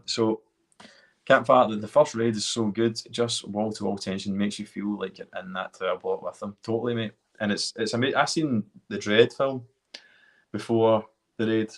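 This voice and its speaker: A man hosting a casual live chat, talking enthusiastically and rambling a little. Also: lowish voice. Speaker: host. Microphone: video call.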